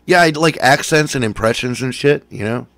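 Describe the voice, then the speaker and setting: A man's voice: medium pitch, normal speed, fairly bright tone, no echo. A man chatting casually as a show host, laid-back and swearing, smoking and coughing between remarks. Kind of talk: casual chat.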